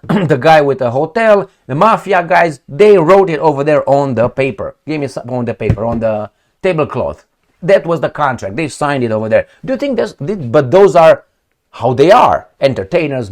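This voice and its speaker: Animated man ranting over news. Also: mid-range voice. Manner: animated, sarcastic, rambling with restarts. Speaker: political commentator. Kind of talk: casual commentary reading articles.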